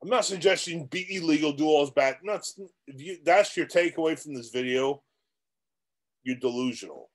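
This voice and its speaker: A man's voice: fairly high pitch, moderate pace. A man coaching others on real estate in a motivational vlog. He talks straight at the viewer in a blunt, rambling way and often starts his sentences over. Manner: blunt and repetitive, with many restarts.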